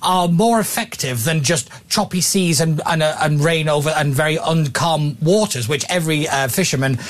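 Forceful man with a high voice. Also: normal speed. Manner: forceful, emphatic, repeats himself when making a point. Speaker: political commentator guest. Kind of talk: heated political debate.

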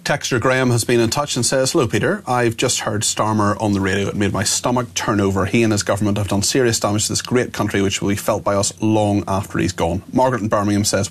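A man's voice: on the low side, quick pace. A man hosting a talk radio show, reading out listener texts and chatting with a guest in a wry, loose way full of ums and uhs.

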